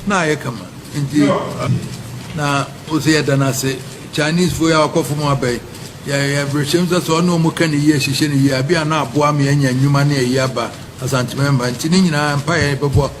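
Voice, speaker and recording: A man making a formal, pleading public appeal to chiefs at a gathering, with halting restarts. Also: on the high side, steady tone. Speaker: speaker addressing chiefs at a public forum. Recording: noisy ambience behind the voice.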